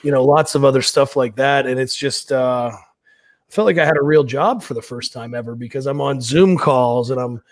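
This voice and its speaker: A man's voice: medium pitch, normal speed, dry recording, studio quality. Brash, profane male wrestler. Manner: brash, profane, laid-back. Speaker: pro wrestler guest. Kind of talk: casual storytelling interview.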